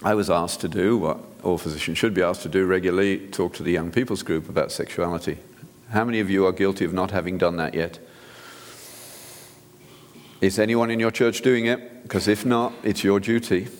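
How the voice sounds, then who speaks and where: Earnest guy preaching, deep voice, echoey hall. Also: a little fast. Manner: earnest, direct, with frequent restarts. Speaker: physician speaker. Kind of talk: sermon-style talk.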